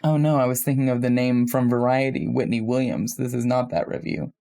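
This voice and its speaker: A man co-hosting a film podcast, chatting casually with animated, self-deprecating asides. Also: medium pitch, fairly quick, gravelly. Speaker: podcast co-host.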